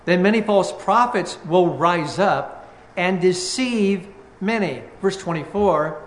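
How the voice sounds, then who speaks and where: A man's voice: high voice, slow pace. Man, pastor, emphatic sermon, echoey room. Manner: emphatic preaching, reads scripture aloud with rising force.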